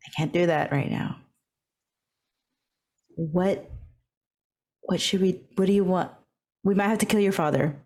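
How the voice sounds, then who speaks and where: A woman's voice: on the low side, a little mellow. A woman voicing a sneaky, blunt adventurer in a tabletop game, talking in an urgent, rambling way with joking asides.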